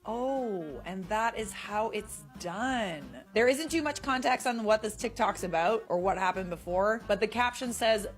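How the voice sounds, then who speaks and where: A woman's voice: medium pitch, unhurried, hardly any pauses, soft background music. A woman hosting casual commentary on short videos, with wry, encouraging remarks. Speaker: host reacting to clips.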